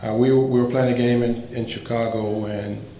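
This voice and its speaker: A man giving a keynote speech at a banquet, telling funny stories in a relaxed way and acting out the lines of the people in them. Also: medium pitch, normal speed. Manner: relaxed anecdotal telling, acts out quoted lines. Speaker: keynote speaker. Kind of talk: humorous after-dinner storytelling speech. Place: banquet hall. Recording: roomy hall sound, faint room noise.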